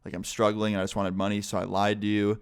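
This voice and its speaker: A man's voice: fairly low pitch, completely flat delivery, quick pace, smooth, no room sound, studio quality, natural voice. A man quoting his young ex-girlfriend in his own voice, rambling and apologetic with lots of fillers. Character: upset young ex-girlfriend pleading.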